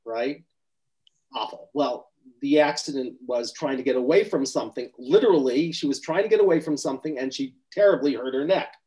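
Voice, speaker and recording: Husky-voiced man explaining earnestly. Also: mid-range voice, a little fast, dark tone, poor audio. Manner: earnest, explanatory, acts out quoted speech. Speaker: spiritual healer or therapist. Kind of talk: recounting a client session in conversation.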